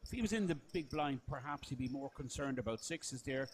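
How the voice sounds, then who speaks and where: A man commentating live poker, calmly breaking down each hand. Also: medium pitch, brisk, a little hiss or hum. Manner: analytical, explains the hand play.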